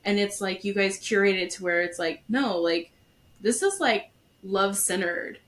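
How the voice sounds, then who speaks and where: A woman's voice: medium pitch, expressive, normal speed. Woman podcast host, candid and conversational, telling her own story. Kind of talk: casual podcast chat.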